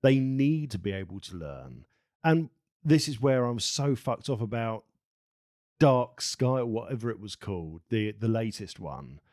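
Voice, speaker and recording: A man's voice: medium pitch, very animated, measured pace, a little mellow, no room sound, clean studio sound. A man co-hosting a podcast, arguing film points emphatically with swearing and restarts. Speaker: podcast co-host. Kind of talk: casual film discussion.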